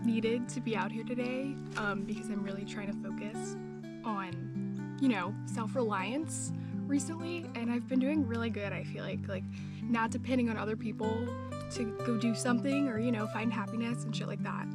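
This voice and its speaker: A woman's voice: a little high, moderate pace. A young woman vlogging casually outdoors on a hiking trip, talking candidly with lots of fillers. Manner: chatty, filler-heavy, candid and upbeat. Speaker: travel vlogger. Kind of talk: casual vlog talk to camera. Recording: with loud background music.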